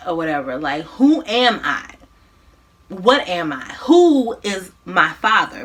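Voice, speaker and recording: A woman vlogger casually recapping a movie, with animated, slangy, profane storytelling. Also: lowish voice, slow pace. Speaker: mukbang vlogger.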